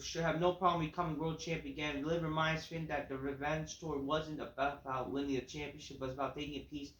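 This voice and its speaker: A woman's voice: sits low, steady tone, brisk. A woman reviewing a wrestling show in a casual, profane rant full of fillers. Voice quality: casual, filler-heavy talk with lots of swearing. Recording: roomy echo.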